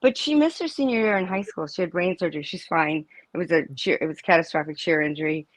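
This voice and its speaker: A woman's voice: lowish voice, fast, dry recording. A middle-aged woman speaking as an interview guest, a mother who talks in a rambling, emphatic way that trails off and restarts. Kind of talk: casual live interview chat.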